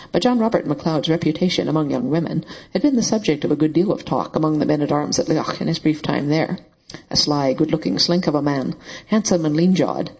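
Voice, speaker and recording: Breathy, husky male audiobook narrator. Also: a little high, darkish tone, rough recording. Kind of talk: scripted narration.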